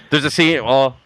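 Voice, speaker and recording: A man's voice: mid-range voice, a bit bright, dry recording. A man co-hosting a podcast, telling stories in a loose, filler-heavy casual chat. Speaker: podcast co-host.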